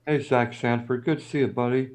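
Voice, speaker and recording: A man's voice: medium pitch, fairly even intonation, brisk, rough recording. A man chatting as a guest on a live stream panel, teasing the host and sleepy late at night over a video call. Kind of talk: casual live stream chat.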